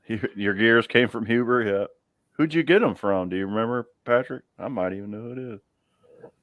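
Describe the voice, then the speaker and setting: A man's voice: on the low side, moderate pace, a bit bright, dry recording. A man hosting a live chat from his garage, easygoing, chuckling often and trailing off mid-sentence. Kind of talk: casual chat.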